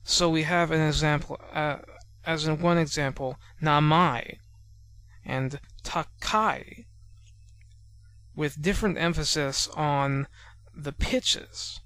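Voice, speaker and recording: A man narrating a beginner language lesson over slides, explaining patiently and slowing down to sound out example words. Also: fairly high pitch, level tone, fairly bright tone, smooth. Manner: measured and explanatory, spells out sounds slowly.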